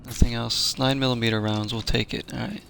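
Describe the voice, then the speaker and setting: A man's voice: mid-range voice, steady tone, fairly quick, gravelly, a bit bright, slight background noise. A man hosting a casual let's-play, chatting and joking with viewers and laughing often as he plays. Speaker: gaming channel host.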